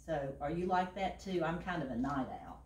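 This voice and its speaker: A woman librarian reading a picture book aloud to children, animated and asking them questions. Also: low-pitched, moderate pace. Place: library room. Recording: roomy and distant from the mic.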